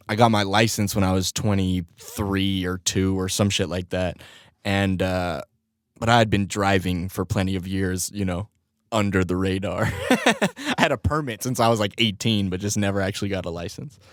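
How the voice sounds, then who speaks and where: Laid-back young man, lowish dry voice. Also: moderate pace, no room sound. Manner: laid-back, profane, laughs often while telling stories. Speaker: podcast host. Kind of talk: casual solo podcast storytelling.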